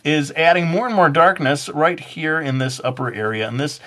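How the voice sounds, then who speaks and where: A man's voice: on the high side, moderate pace, a bit bright. A man teaching a drawing lesson in a casual, hesitant way, with many fillers and joking asides. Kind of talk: casual drawing tutorial narration.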